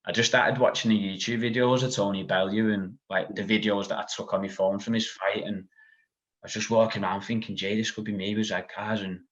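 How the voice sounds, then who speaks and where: A man's voice: fairly low pitch, steady tone, brisk. A man, a podcast guest telling a long story in casual chat, full of "like" and asides. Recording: dull lo-fi sound.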